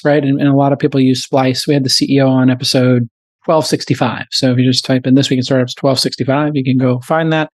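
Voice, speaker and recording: A man's voice: mid-range voice, darkish tone, no room sound. A middle-aged man hosting a podcast, riffing animatedly with plenty of fillers. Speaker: podcast host. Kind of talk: casual chat.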